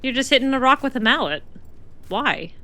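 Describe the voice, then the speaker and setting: A woman's voice: high voice, lively intonation, normal speed, bright, forceful tone. A woman giving chatty, laughing gameplay commentary as a let's-play streamer.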